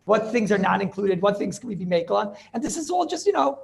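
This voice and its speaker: A middle-aged rabbi giving an informal yeshiva class. He is animated and rhetorical, keeps asking "right?", and mixes Hebrew and Yiddish terms into his talk. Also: sits high, fast, creaky. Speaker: rabbi teaching a halacha class.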